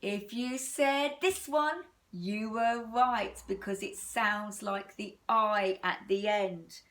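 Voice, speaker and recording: English woman, primary phonics teacher, very slow, sing-song and encouraging, mid-pitched. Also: fairly bright tone. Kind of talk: recorded phonics lesson for young children.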